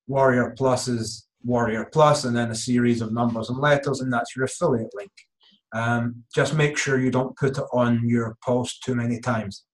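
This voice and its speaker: A man's voice: medium pitch, steady tone, moderate pace, low-quality recording. A man who coaches online marketing, explaining step by step in a hesitant way with many fillers. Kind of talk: live Q&A chat.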